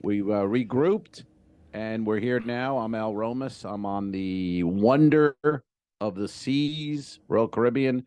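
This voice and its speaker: A man's voice: fairly low pitch, takes it slowly, a little mellow, clear, resonant tone, no room sound. A man co-hosting a comedy podcast, chatting casually and cracking loose jokes. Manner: loose, joking, riffs with asides. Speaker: podcast co-host.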